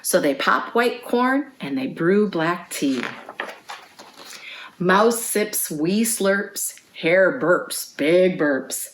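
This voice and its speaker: A woman who is a youth librarian, reading a picture book aloud for children in an expressive storytime style and leading sing-along songs. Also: on the low side, very slow, a little hiss or hum.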